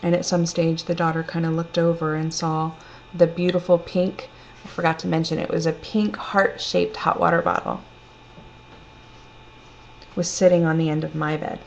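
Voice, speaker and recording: Gentle low-voiced woman telling a story. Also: level tone, creaky. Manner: gentle, reflective, unhurried. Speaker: storyteller sharing a personal testimony. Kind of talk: personal storytelling. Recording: dull lo-fi recording with faint hum.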